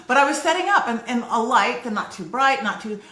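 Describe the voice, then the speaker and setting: Brief: woman co-host, higher voice, giggly chatter, roomy echo. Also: lively intonation, fairly quick, bright, forceful tone. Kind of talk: casual chat on a livestream. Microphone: phone livestream.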